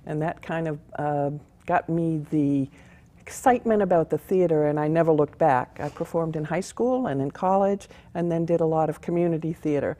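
Low, mellow-voiced woman actor. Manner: friendly, measured, chuckles at herself. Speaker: actor, interview guest. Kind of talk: casual interview.

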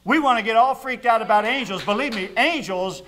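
Male pastor, high-pitched, conversational sermon delivery in a church, reads scripture in between asides. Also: fairly quick, pushed and bright. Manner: conversational, chuckling asides, reading scripture aloud. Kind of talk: informal sermon. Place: church sanctuary.

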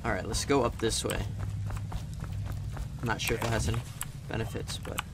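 A man's voice: fairly low pitch, fairly even intonation, normal speed, gravelly. A man casually commenting as he plays a stealth game, chatty and wisecracking, swearing whenever a plan goes wrong. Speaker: gaming YouTuber. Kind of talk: casual let's-play commentary. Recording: noticeable background noise.

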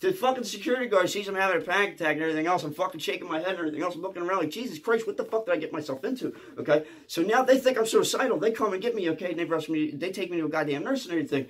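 A comedian from Philadelphia telling a comic story in a profane, excitable way, often stammering and restarting and checking in with "okay?". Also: male voice, high-pitched, rapid-fire, few pauses.

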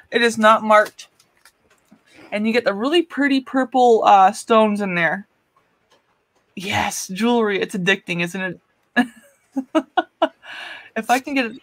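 A woman's voice: medium pitch, fairly bright tone. Chatty woman hosting a jewelry sale. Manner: chatty, laughs often, greets viewers by name. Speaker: live jewelry auction host. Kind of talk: casual live-stream selling chat.

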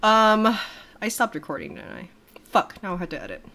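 A woman's voice: mid-range voice, sing-song, normal speed, pushed and bright. A young adult woman hosting a casual reaction livestream from her home desk, chatty, laughing often and swearing casually.

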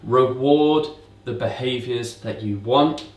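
A man of middle pitch walks viewers through dog training in a casual, explanatory way. He is recorded indoors at home, a little away from the mic, and the room echoes around him. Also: slow pace, recorded from a distance. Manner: relaxed, explanatory, repeats commands to mimic owners. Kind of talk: casual instructional talk. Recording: roomy echo, speaker away from mic.

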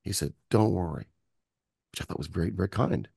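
A Michigan music producer, appearing as an interview guest, tells animated stories and acts out the voices of people he quotes. He speaks fairly quickly in a low, gravelly, husky voice, recorded in clean studio sound with no echo.

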